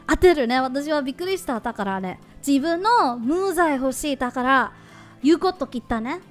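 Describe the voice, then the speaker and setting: A woman streamer in casual livestream chat, animated and giggly. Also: high-pitched, fast talker, soft background music. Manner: animated, giggly, switches between English and Japanese.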